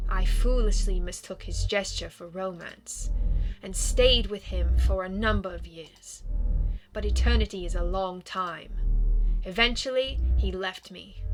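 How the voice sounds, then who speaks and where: A woman voicing a refined, sad female vampire ghost as she reads a game's dialogue aloud in a soft, formal, melancholy way. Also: mid-range voice. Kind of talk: reading game dialogue aloud.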